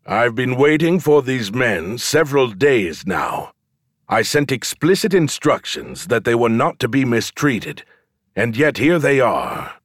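A man voicing a commanding lord who speaks in a booming, contemptuous voice. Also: big pitch swings, unhurried, a bit bright, breathy edge, no room sound, clean studio sound, heavily acted. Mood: stern. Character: powerful, commanding male lord, scornful.

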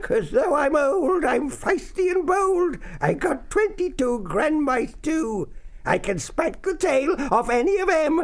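A man voicing a feisty little old granny mouse with a quaky squeak, drawn-out and sing-song, in a storybook. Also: sing-song, creaky, full character voice. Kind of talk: storybook narration.

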